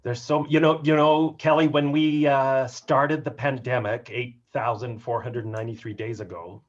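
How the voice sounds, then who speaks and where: A man giving an upbeat, joking talk on workplace humor during a video call, with an animated and playful delivery. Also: mid-range voice, moderate pace. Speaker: keynote speaker on workplace humor. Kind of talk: upbeat webinar talk with jokes. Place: home office on a video call. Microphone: video call mic. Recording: dull lo-fi video call audio.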